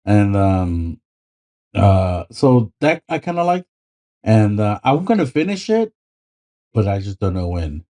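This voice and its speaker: A man's voice: on the low side, sing-song, unhurried, long pauses, mellow. A man co-hosting a podcast in casual chat, rambling with many ums and swearing freely. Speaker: podcast co-host.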